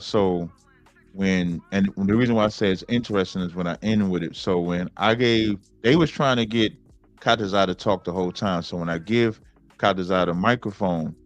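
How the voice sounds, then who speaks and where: A man talking as a guest on a podcast, telling stories in a relaxed, drawn-out way. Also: low-pitched, no echo, muffled recording, soft background music. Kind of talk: casual podcast interview.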